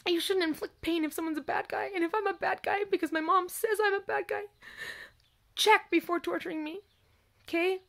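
Distressed high-voiced young woman. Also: fairly even intonation, brisk, gravelly, fairly bright tone. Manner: distressed, emphatic, swings between raised and low voice. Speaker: vlogger. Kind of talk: personal monologue to camera.

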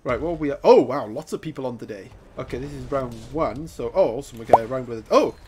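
A man giving excitable live commentary over his own gameplay, laughing and taunting opponents. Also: mid-range voice, fast. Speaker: gaming YouTuber.

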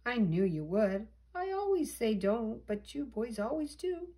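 A woman voicing a weary old male fish-shop keeper who scolds softly in a storybook read-aloud. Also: on the high side, sing-song, a little slow. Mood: weary scolding.

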